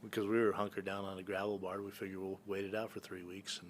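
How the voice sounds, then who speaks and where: He talks fast in a low-sitting voice with little pitch movement, and a bit of background noise can be heard. He's a Northern California entrepreneur and hunting guide on a podcast, telling casual, rambling stories packed with fillers and restarts.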